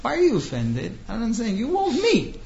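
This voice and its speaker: A man's voice: very high voice, huge pitch swings, brisk, gravelly, darkish tone, lo-fi sound, slight background noise, pitched above the performer's own voice, heavily acted. A man voicing a husband woken from sleep, stammering in disbelief. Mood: bewildered. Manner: stammering disbelief, plain complaint.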